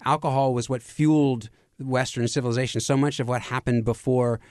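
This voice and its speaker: A man's voice: mid-range voice, steady tone, a little fast, a little mellow, no room sound, studio quality. A man co-hosting a radio talk show about wine and beer, chatting casually and joking. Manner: chatty, jokey, reads quotes aloud.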